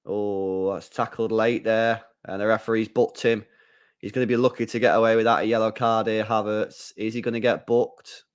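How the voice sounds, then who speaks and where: A man hosting a live football watchalong, chatting casually, reading viewer comments and getting loud when play heats up. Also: on the low side, moderate pace, clear, resonant tone. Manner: chatty, swings from mumbling to excited shouting. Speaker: live stream host.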